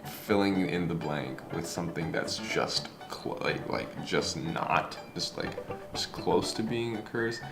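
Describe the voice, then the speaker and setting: A young man giving halting interview answers, often stumbling over his words. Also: low voice, animated. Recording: echoey room with guitar music.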